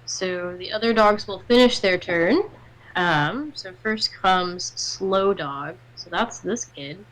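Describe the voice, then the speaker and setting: A woman's voice: lowish voice, takes it slowly, a bit bright, rough recording. Giggly woman running a tabletop game. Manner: casual, giggly, many ums. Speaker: game master.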